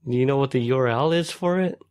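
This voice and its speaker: A man's voice: medium pitch, quick pace, a little mellow, smooth. Chatty laughing man. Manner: laughs often, rambling with many fillers. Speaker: podcast co-host. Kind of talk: casual chat.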